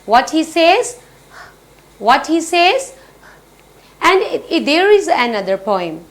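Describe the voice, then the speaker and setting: A woman teaching young children their letter sounds, speaking slowly and repeating each word. Her voice sits high, and she answers her own questions as she goes. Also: big pitch swings. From Pakistan. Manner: slow, repetitive, asks and answers own questions. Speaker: phonics teacher. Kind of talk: children's phonics lesson.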